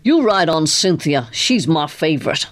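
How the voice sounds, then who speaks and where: A woman voicing a toothless older carnival mechanic who talks in rough, plainspoken country grammar. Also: low voice, sing-song, normal speed. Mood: folksy.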